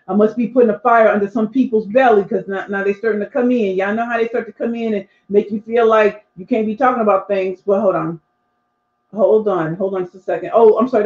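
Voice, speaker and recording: With a medium-pitched, slightly mellow voice, a speaking coach in her forties reads viewer comments and talks straight to her audience on a live stream. The recording has an echoey room and dull, lo-fi quality.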